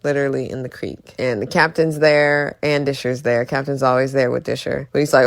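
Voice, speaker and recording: Woman YouTuber, deep voice, casual opinionated TV recap commentary. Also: fairly even intonation, a little fast, gravelly, hardly any pauses. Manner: opinionated, emphatic, repeats words for emphasis.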